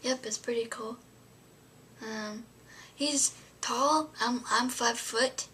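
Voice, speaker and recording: A woman's voice: fairly high pitch, fairly even intonation, slow pace, bright, forceful tone, slight background noise. A young adult woman vlogging, telling a story to camera in a rambling way, full of fillers and often dropping to a whisper.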